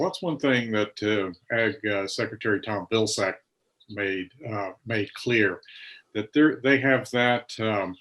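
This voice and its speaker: A man reporting on agricultural policy in a news discussion, hesitant with many fillers and restarts. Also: mid-range voice.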